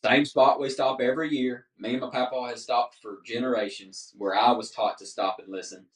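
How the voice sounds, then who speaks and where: This is a podcast guest, a man, spinning a story in relaxed conversation and voicing the characters' lines with lively energy. He speaks fairly quickly at a medium pitch, picked up by a distant mic in a roomy space.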